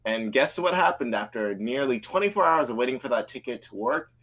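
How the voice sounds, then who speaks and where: A man's voice: mid-range voice, lively intonation, brisk, a bit bright. A man chatting casually on a livestream, rambling through work stories with many restarts. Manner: rambling, self-correcting storyteller. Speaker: co-host.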